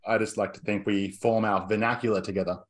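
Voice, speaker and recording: A man's voice: lowish voice, fairly even intonation, quick pace. A man hosting a podcast in a playful, jokey way, reeling off rhyming introductions. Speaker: podcast host. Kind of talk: casual podcast banter.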